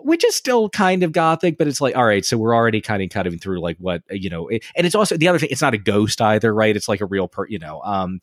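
A man's voice: lowish voice, big pitch swings, quick pace, few pauses, dry recording, studio quality. A man co-hosting a casual literary discussion, rambling and profane, reading passages aloud. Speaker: podcast co-host.

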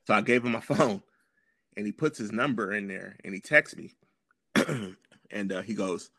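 A man with a fairly low voice tells his story as a podcast guest, loose and full of slang, often stopping to clear his throat. The sound is dry and close, with no room around it. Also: moderate pace, pauses often, fairly bright tone, dry recording. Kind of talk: casual storytelling conversation.

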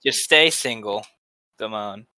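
A man's voice: on the low side, slow, sharp tone, no room sound. A man chiming in to a casual chat with short joking interjections. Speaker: co-host.

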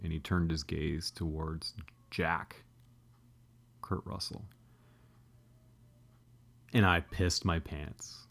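A man's voice: very deep voice, fairly even intonation, drawn-out words, gravelly, pauses often, fairly bright tone. A man in his thirties telling a comedic, profane, self-deprecating childhood story as a podcast host.

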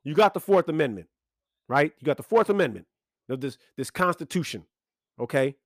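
Casting: a high-voiced man who swings his pitch widely, speaking in a profane rant, close and dry. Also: brisk, no room sound. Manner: animated, profane, ranting with emphatic repetition. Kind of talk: profane monologue.

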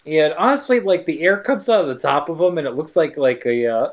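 A co-host walking through a film plot in relaxed podcast chat, at a middle pitch. The delivery is sarcastic and playful, with characters' lines acted out along the way. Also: brisk. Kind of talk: casual movie recap narration.

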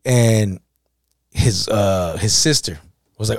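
A man's voice: medium pitch, fairly quick, a little mellow, no room sound, studio quality. A man co-hosting a casual podcast, telling a story in heavy slang and acting out the quoted dialogue. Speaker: podcast co-host.

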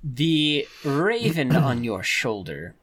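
Guy dm narrating slow, bright voice, pitch jumping all over. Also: slight background noise. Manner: animated, laughing, slow deliberate narration. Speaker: game master. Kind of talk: narrating a tabletop game.

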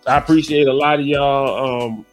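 A man's voice: medium pitch, steady tone, moderate pace, faint music behind. A man hosting a podcast in loose, rambling casual chat, peppered with "you know what I'm saying" and getting heated when he rants. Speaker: podcast host.

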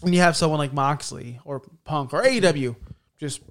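Male co-host, slightly high voice, animated wrestling banter, quick to mock and laugh. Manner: animated, mocks stiff promos in a robotic voice. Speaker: podcast co-host. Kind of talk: casual wrestling chat.

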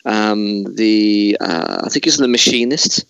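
A man's voice: lowish voice, a little slow, fairly bright tone, smooth, dry recording, muffled recording. A man hosting a casual chat, talking in a digressive way with many restarts. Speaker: podcast host.

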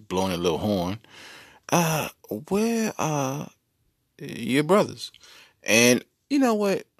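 A man's voice: on the low side, no echo, clean studio sound. A man hosting a solo comedy podcast, riffing playfully and talking straight to his listeners. He is a parent with a daughter. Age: adult parent. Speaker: podcast host.

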